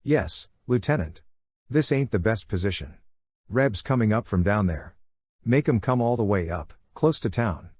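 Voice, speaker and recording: A man's voice: fairly low pitch, expressive, moderate pace, darkish tone, husky, dry recording, studio quality. A man reading the lines of an earnest soldier who speaks plainly and urgently.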